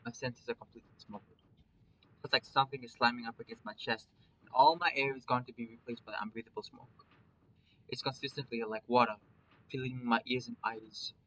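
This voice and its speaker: A man's voice: mid-range voice, fairly even intonation, fairly quick, a bit bright, slight background noise, poor audio. A man reading a visual novel aloud in a dramatic first-person storytelling manner. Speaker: narrator.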